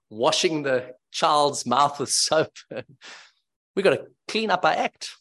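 A man preaching an expository sermon, emphatic and animated, asking rhetorical questions. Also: a little high, husky.

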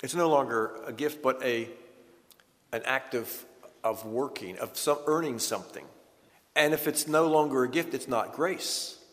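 A man preaching a sermon in an earnest, emphatic way, slowing down to stress key words. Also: medium pitch, fairly bright tone, in a large hall. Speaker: pastor.

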